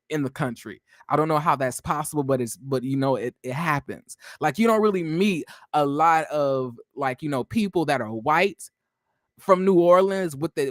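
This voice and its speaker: A man's voice: on the high side, no echo, clean studio sound. A man recapping a reality TV episode in a casual, sassy way, chatting to viewers and drifting into asides. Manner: sassy, slangy, addresses viewers as y'all.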